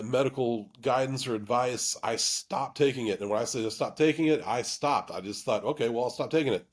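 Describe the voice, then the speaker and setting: A man of middle pitch tells his own story to the camera in an earnest, open way. His delivery is halting, with frequent restarts, repeated words and fillers. He sounds like he is talking through something personal rather than reading a script. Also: darkish tone. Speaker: YouTube channel host.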